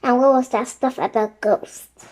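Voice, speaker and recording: A woman voicing a sensible, slightly wary young boy who speaks quietly and plainly, in a storybook. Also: fairly high pitch, steady tone, measured pace, close to an everyday voice.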